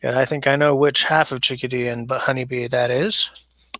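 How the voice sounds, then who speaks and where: This livestream host talks in a fairly even, mid-range voice at a moderate pace, and his tone is bright and forceful. He rambles casually in his basement while reading viewer comments, using a smaller microphone than usual. There's no room sound.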